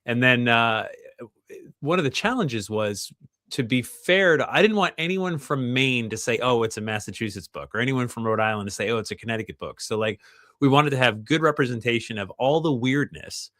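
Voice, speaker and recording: A man speaks as a guest author in a friendly, good-humored way. His pitch moves up and down with energy. The sound is dry and close. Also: animated, normal speed, sharp tone, dry recording. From New England. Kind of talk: casual interview.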